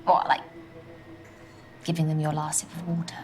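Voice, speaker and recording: A woman's voice: lowish voice, lively intonation, a little fast, a little hiss or hum, close to an everyday voice. Woman playing a teasing young date. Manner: teasing, probing questions. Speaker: date in a dating game.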